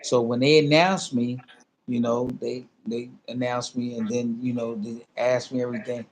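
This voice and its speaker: A man's voice: medium pitch, normal speed, slight background noise. A man in his fifties, a former boxer, telling a story in a casual sit-down interview, acting out phone calls and talking loosely with lots of fillers. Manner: animated storyteller who acts out both sides of a phone call; loose, repetitive phrasing with many fillers.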